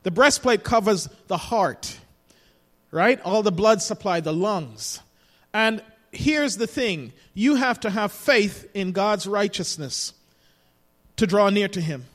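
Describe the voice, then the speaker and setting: A man's voice: high-pitched, animated, slow, a bit bright. A man preaching a sermon as pastor, building emphasis with repeated phrases, recorded in a church sanctuary. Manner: preaching with rising emphasis and repetition. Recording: long hall reverb.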